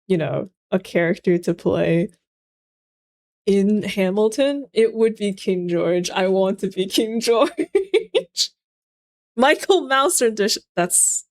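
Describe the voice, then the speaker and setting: A woman's voice: medium pitch, a little mellow. A young woman streamer chatting casually on a livestream, giggly and rambling, with many fillers.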